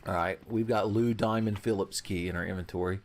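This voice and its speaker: A man's voice: lowish voice, fairly even intonation, a little fast, a little mellow, faint music behind. A young man casually commenting on a video game as he plays, swearing and joking with his chat and laughing often. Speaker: streamer.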